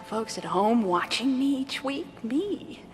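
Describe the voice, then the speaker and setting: A woman's voice: a little high, sing-song, slow pace, very noisy. An actress voicing an adult woman who speaks in her own real voice, wistful and reflective, in a cartoon clip. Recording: cartoon clip over music.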